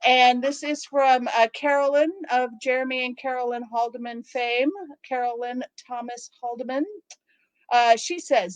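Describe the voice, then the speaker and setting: A woman co-hosting a casual chat show, reading viewer mail and telling animated stories with many fillers. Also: on the high side, moderate pace, clean tone, dry recording, poor audio. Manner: storytelling, animated, filler-heavy.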